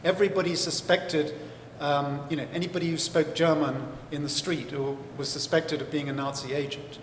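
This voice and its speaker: A man's voice: a little high, flat delivery, normal speed, slight background noise. A male author being interviewed on stage, explaining at length in a thoughtful way with many fillers and restarts. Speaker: author and historian, interview guest. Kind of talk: live festival interview. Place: large hall at a book festival. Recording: echoey hall with faint ambience.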